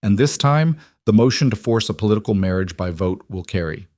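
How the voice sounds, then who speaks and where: Storybook role: man reading a patient, dry old counsel, quiet and measured, low voice, close dry sound. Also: animated, dry recording, close to an everyday voice. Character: shrewd older male royal counsel, dry and patient.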